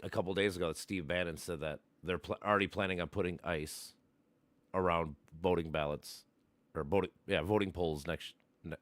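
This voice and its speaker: A man's voice: deep voice, no room sound. A man hosting a livestream, casually and profanely retelling an argument and acting out both sides. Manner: profane, animated, acts out both sides of a debate. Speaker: livestream host.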